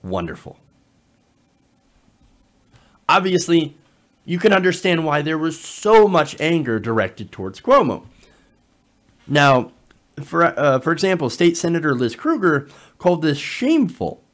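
Animated, sarcastic male political commentator. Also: a little high, moderate pace. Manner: animated, sarcastic, frequent fillers.

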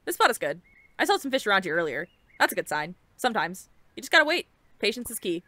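A woman's voice: medium pitch, sing-song, fast, pushed and bright, no room sound. A woman reading aloud the lines of a patient, easygoing fisherman in a video game.

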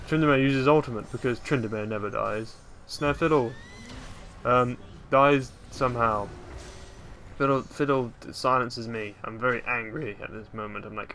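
A man talks over his gameplay in a relaxed, rambling commentary. He keeps undercutting himself with dry, self-mocking jokes. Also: medium pitch, moderate pace, a little hiss or hum. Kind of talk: casual game commentary.

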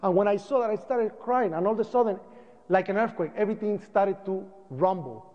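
A man with a high voice delivers an emotional first-person testimony to an audience in a large hall. He tells it dramatically, his voice climbing and breaking at the worst moments. The sound is dull broadcast audio with a long hall reverb behind it. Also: a little fast. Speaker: speaker giving a presentation.

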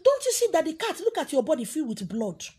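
A woman's voice: sits high, sing-song, quick pace, warm tone. A woman with a Nigerian accent voicing an irritated old man who scolds a young man in a story. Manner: scolding, exasperated.

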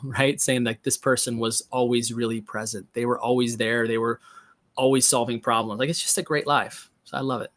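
A man's voice: medium pitch, fairly bright tone. A man hosting a podcast interview who reflects on his guest's points and thinks aloud, with fillers. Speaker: podcast host. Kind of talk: conversational interview.

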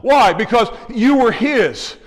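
Male pastor, high voice, energetic sermon with congregation call-outs, reverberant church hall. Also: takes it slowly. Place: church sanctuary.

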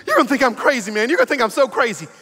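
A man's voice: wildly swooping pitch, rapid-fire, sharp tone, long reverb tail, exaggerated voice. Man playing a frantic, tearful stranger. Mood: frantic pleading. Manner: high-pitched, breathless, near tears. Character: frantic excited male stranger, breathless and pleading.

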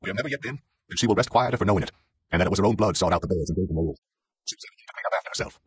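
A man's voice: deep voice, rapid-fire, husky, no echo, pitched above the performer's own voice. A man reading an audiobook and voicing a toothless, self-pitying old farmer who speaks in a plaintive drawl.

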